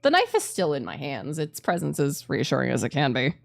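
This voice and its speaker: A woman streamer reading a visual novel aloud and reacting with giggly, expressive commentary. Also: sits low, brisk, vocal fry.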